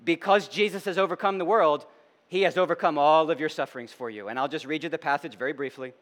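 A middle-aged male pastor preaching a sermon, moving between loud emphatic declarations and hushed reflection, with conversational asides. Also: fairly high pitch, fast, long reverb tail. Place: church sanctuary.

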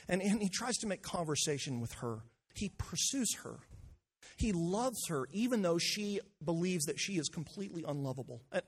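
A man preaching a sermon in a husky, slightly higher voice. He talks earnestly and trips over quick restarts, then swells into impassioned highs. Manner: earnest, building to impassioned peaks, with many restarts. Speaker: pastor.

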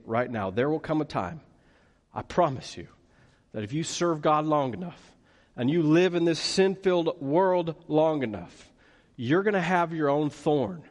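A man preaching a sermon in an animated way, swinging between loud pleading and hushed, intimate lines. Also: sits high. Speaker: pastor. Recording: long reverb of a large hall.

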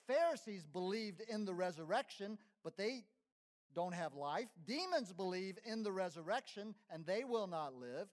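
A man pastor preaching a sermon with emphatic delivery, swinging between loud and soft. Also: high voice, sing-song, moderate pace. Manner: emphatic preaching, rising and dropping in volume.

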